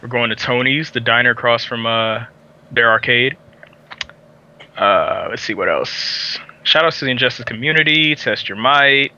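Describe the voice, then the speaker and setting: A man joins a gaming podcast as a guest. His voice is very bright and sharp, but it comes through dull, lo-fi call audio. He chats easily and throws in chuckling asides. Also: medium pitch, moderate pace. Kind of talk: casual podcast chat.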